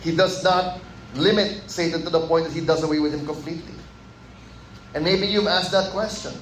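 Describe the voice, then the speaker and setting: A Filipino man preaching a sermon with a fairly high voice, mixing in Tagalog asides and acting out the voices of those he quotes. His voice rings through an echoey hall with faint background ambience. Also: steady tone, moderate pace, a little hiss or hum. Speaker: pastor. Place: church sanctuary.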